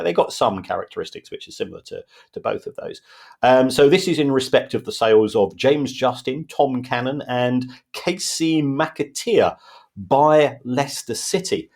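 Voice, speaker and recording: A man's voice: medium pitch, gravelly, darkish tone. A man, co-hosting a podcast and patiently explaining football finance with everyday examples in casual chat. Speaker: football finance expert co-host.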